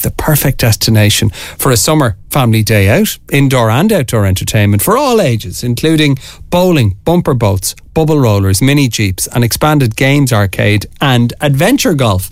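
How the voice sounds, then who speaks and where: An upbeat man presenting a radio show in an energetic, sing-song announcing voice. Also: medium pitch, no echo. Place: radio studio. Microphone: studio mic.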